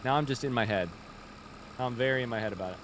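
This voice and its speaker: Young man, Indiana accent, relaxed streamer thinking out loud at his desk mic, faint hum behind. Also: medium pitch, very fast. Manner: thinks aloud, reads chat, chatty and easygoing. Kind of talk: casual live-stream chat while gaming.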